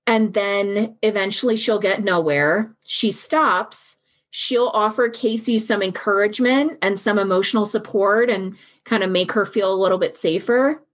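A woman hosting a true crime podcast, telling the story in a casual, outspoken way and speaking her mind bluntly. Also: mid-range voice. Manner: casual, outspoken, swears, recounts events with quoted voices. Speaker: podcast host.

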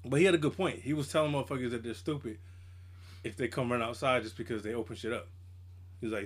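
A man's voice: medium pitch, fast, breathy edge. A man co-hosting a podcast in casual chat, telling stories in slang and acting out what others said. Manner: animated storytelling, slangy, acts out quotes. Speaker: podcast co-host.

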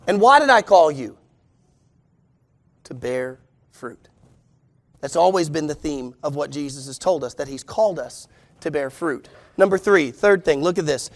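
A man's voice: on the high side, lively intonation, measured pace, pauses often. A pastor preaching a sermon to his church, emphatic and full of rhetorical questions.

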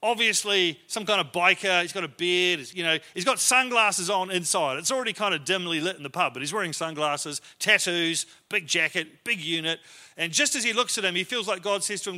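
A man's voice: sits high, fairly quick, pushed and bright. A man preaching a sermon in a church, telling stories in a conversational, self-deprecating way. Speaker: pastor.

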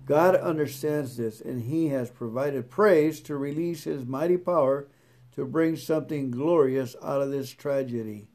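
A man reads devotional passages aloud at an unhurried, deliberate pace in an ordinary mid-range voice. He says each scripture verse twice. When he leaves the text to add his own thoughts, he stammers and restarts. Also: mid-range voice, a little mellow. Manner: slow, deliberate reading that repeats scripture verses. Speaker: truck driver reading a devotional book aloud. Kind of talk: devotional reading with personal comments.

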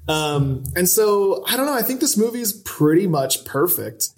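A man's voice: high-pitched, very animated, moderate pace. A man co-hosting a casual podcast chat, enthusiastic and rambling with lots of fillers. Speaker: podcast co-host.

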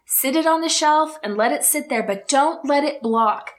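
A woman hosting her own podcast, talking straight to her listeners with rhetorical questions, earnest and openly emotional. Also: sits high. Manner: earnest, emotional, speaks in slow emphatic bursts. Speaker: podcast host. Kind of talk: heartfelt solo podcast talk.

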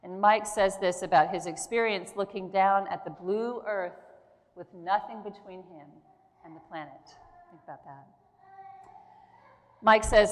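A woman preaching a sermon in a church, earnest and emphatic, with slow pauses between phrases. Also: mid-range voice, slight background noise. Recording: long hall reverb.

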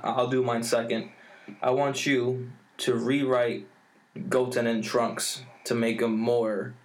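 A podcast host in casual chat, teasing his co-host with rapid-fire banter. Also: mid-range voice.

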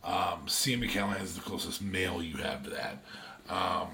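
A man with a lowish voice and a gravelly, fry-laden edge, talking on a casual podcast. He hedges and restarts often, filling gaps with ums while he works through his opinions. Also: steady tone, normal speed, bright, forceful tone. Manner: hesitant, many ums and restarts. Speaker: podcast co-host.

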